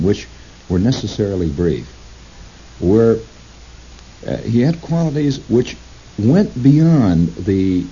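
A man broadcasting on radio, telling a long rambling story in a halting, digressive way, breaking into quoted voices. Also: on the low side, mellow. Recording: lo-fi recording with faint hiss.

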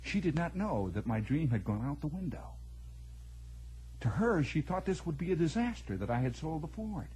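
A man telling a personal story in a radio monologue, animated and chuckling as he acts out family dialogue. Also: a little high, moderate pace, husky, rough recording.

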